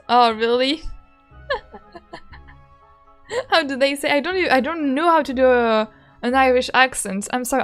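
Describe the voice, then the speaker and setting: A woman streaming a story game, chatting and giggling between lines. Her voice is high and swings widely in pitch. Soft music plays behind her. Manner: giggly, reactive. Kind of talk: casual game commentary.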